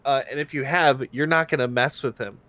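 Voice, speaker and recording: Young male co-host, mid pitch, relaxed and jokey, conversational. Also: a little fast, dry recording. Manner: easygoing, joking, thoughtful asides. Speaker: podcast co-host. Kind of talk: casual chat.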